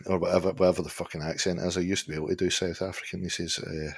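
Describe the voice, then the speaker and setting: Deep-voiced man telling a pub story. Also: rapid-fire, gravelly, few pauses, slightly rough. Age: middle-aged. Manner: storytelling, swearing, lively anecdotes. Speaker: podcast co-host. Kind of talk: casual live-stream chat.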